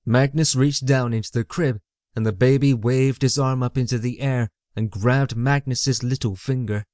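A man reading a fantasy novel aloud as the audiobook narrator, in a measured storytelling way. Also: medium pitch, steady tone, a little mellow, dry recording. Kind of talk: scripted narration. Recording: dry close mic.

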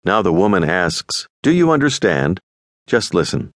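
A man narrating a scripted audio language lesson, giving clear, patient instructions. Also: low voice, big pitch swings, unhurried, no echo, studio quality.

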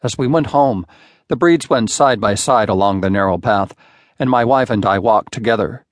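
A man narrating a classic short story in a measured, unhurried audiobook reading on a close studio mic. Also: fairly low pitch, dry recording.

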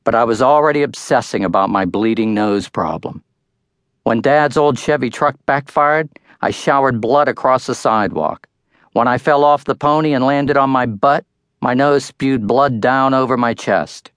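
A man's voice: medium pitch, moderate pace, a bit bright, clean tone, no echo. An older man narrating his own book in a wry first-person storytelling manner, close to the mic. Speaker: author-narrator. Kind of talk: audiobook narration.

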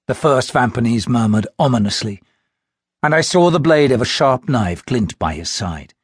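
A man narrating an audiobook in the first person, telling the story with expressive, tense delivery. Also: fairly low pitch, moderate pace, husky, dry recording, clean studio sound.

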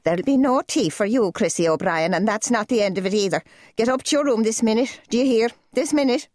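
A thin, shrill mother in the middle of her years, scolding her children in a sharp, raised voice, as a woman narrator puts her on. The voice sits high and tight with anger, husky at the edges, recorded close and dry. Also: wildly swooping pitch, moderate pace, dry recording.

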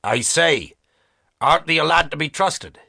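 A man voicing a stern, exacting old Quaker tradesman in an audiobook, with brisk, commanding old-fashioned speech. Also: a little high, animated, vocal fry, sharp tone, no room sound, studio quality, pitched above the performer's own voice, heavily acted. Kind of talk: audiobook character voice.

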